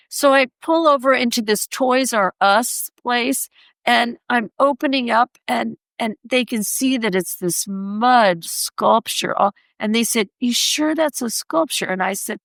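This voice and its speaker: A woman sculptor, a podcast guest, telling an anecdote and acting out the quoted voices in a higher pitch. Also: measured pace, dry recording. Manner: animated, acts out quoted voices in a raised pitch. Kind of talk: anecdotal storytelling in conversation.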